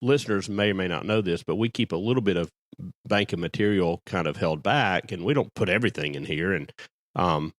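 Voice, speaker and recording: A middle-aged man with a fairly low voice chats casually as a podcast co-host. His delivery is wry and teasing, and the recording is dry and close. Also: brisk, no room sound. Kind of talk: casual chat.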